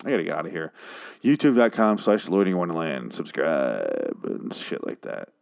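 A man's voice: low-pitched, big pitch swings, moderate pace, vocal fry, a little mellow. A drunk man hosting a comedy show, ranting angrily and profanely with exasperated outbursts. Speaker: show host. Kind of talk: comedic rant reviewing song lyrics.

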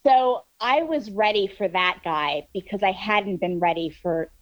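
A woman telling a story in casual chat, animated and full of fillers, swearing freely. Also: medium pitch, unhurried, dry recording, muffled recording. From New York. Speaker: guest storyteller.

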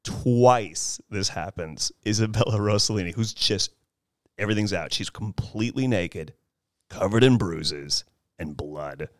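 A man in casual podcast talk about a film, animated and acting out lines from scenes. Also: no room sound, clean studio sound. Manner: animated, acts out film lines in high voices. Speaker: podcast host.

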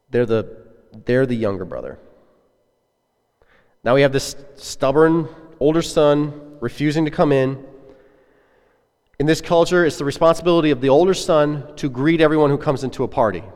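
A man's voice: medium pitch, a little mellow. A man preaching a sermon as a pastor, earnest and conversational, putting questions to his listeners. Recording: echoey hall with long reverb.

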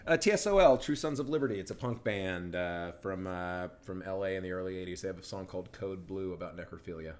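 A woman's voice: very deep voice, fast talker, few pauses, darkish tone, slight background noise. A woman co-hosting a podcast in tipsy casual chat, teasing and laughing often. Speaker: podcast co-host.

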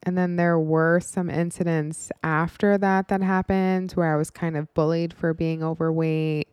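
A woman's voice: lowish voice, level tone, unhurried, darkish tone, smooth, no echo, studio quality. A woman in her twenties telling a personal story in a candid, frank, casual way, with some swearing and many "like" fillers.

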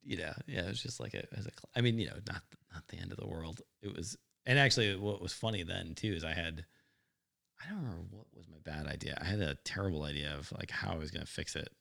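A man's voice: low-pitched, quick pace, vocal fry, fairly bright tone. A man co-hosting a casual talk show, telling a rambling workshop story with lots of fillers and frequent laughs. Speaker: podcast co-host.

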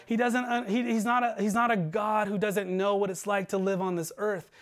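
High-voiced man preaching earnestly. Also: fairly even intonation, moderate pace. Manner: earnest preaching, voice dropping low and soft for emphasis. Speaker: pastor. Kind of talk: sermon. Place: church livestream.

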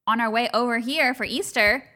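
A woman's voice: on the high side, moderate pace, pushed and bright. A woman co-hosting a casual chat podcast, telling stories with lots of swearing and frequent laughter. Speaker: podcast co-host.

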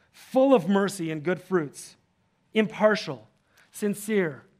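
High-voiced animated man preaching. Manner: animated preaching, voice rises when fired up; drops soft and low for prayers. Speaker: pastor. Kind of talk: sermon.

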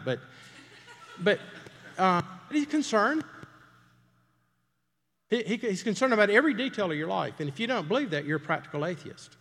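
A man's voice: high-pitched, big pitch swings, normal speed, long pauses, a bit bright. A middle-aged man preaching a sermon in a folksy, conversational way, telling a story and asking the congregation questions. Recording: long hall reverb.

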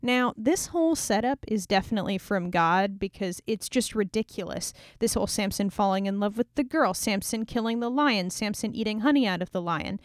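A woman's voice: mid-range voice, lively intonation, fairly quick, hardly any pauses, dry recording, studio quality. A young woman casually retelling an old scripture story in a chatty, irreverent way, full of sarcastic asides.

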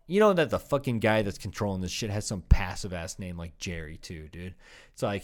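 With a lowish voice at a moderate pace, a young man runs a one-man comedy podcast. He meanders and curses while spinning absurd scenarios, now and then voicing imaginary people.

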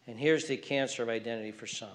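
A male pastor preaching a sermon, alternating emphatic raised calls with hushed, whispered passages. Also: mid-range voice, fast, slight background noise.

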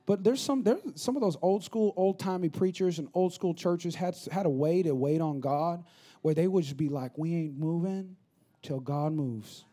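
A male pastor in his thirties preaches a sermon in a church. His voice sits a little high but sounds mellow and warm. He talks casually, then stacks repeated phrases into quick, building runs. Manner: conversational preaching, builds to rapid repetitive crescendos.

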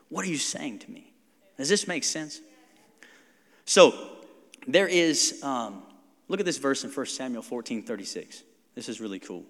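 A man, a pastor preaching a conversational, animated sermon and acting out quotes. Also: medium pitch, big-room sound.

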